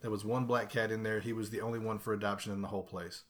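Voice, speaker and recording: A man casually telling a profane, animated story in a chat, laughing along as he goes. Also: lowish voice, fast, a little hiss or hum.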